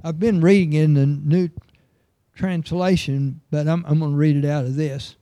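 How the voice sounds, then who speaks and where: A man's voice: a little high, steady tone, moderate pace, dark tone, no echo. A middle-aged man preaching a sermon, earnest and emphatic, reading scripture aloud.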